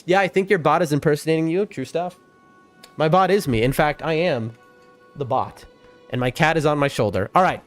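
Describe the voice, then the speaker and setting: A man streaming a game live, chatting with viewers in a rambling, excitable way. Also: a little high, fairly quick, faint music behind. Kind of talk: casual live-stream chat.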